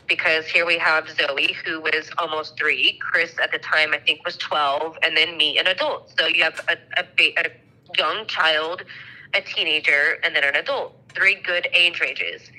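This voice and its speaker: A woman's voice: on the low side, bright, forceful tone, low-quality recording. A woman in her thirties casually telling a story, chatty, swearing freely and acting out the dialogue. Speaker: mother telling a ghost story.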